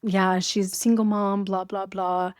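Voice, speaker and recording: Middle-aged woman, podcast guest, animated storyteller, quick delivery, dry close sound. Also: medium pitch, dry recording. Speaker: guest, abuse survivor.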